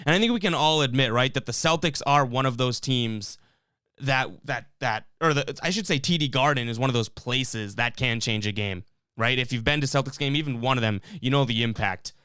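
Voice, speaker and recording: A man's voice: medium pitch, fairly quick, bright, forceful tone, clean tone, dry recording, studio quality. A man hosting a live sports fan stream, reading chat comments and ranting in a fired-up, rambling way with lots of restarts.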